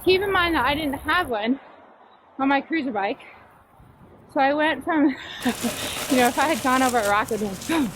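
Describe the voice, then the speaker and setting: A woman's voice: sits high, expressive, normal speed, long pauses. A woman chatting casually while reviewing her bike outdoors, laughing often and poking fun at herself. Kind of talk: casual chat while riding. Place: outdoors on trails and roads. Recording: noisy outdoor recording.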